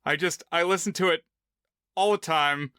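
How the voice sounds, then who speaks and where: A man with a bright, crisp voice, a touch higher than most, talking in a dry, close-miked podcast sound. He is measured and reflective, posing questions and sharing memories in casual chat. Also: dry recording. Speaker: podcast co-host.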